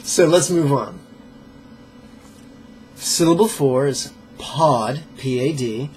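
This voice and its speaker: A man leading a pronunciation drill as a meditation teacher, playful and joking, sounding out syllables slowly and carefully. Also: medium pitch, darkish tone, soft background music. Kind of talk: pronunciation drill in a live lesson.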